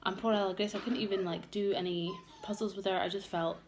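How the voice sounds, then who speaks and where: A woman's voice: medium pitch, steady tone, quick pace. A young woman vlogging a candid get-ready-with-me chat, open and emotional, rambling with many fillers. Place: home room with children around. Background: noisy household.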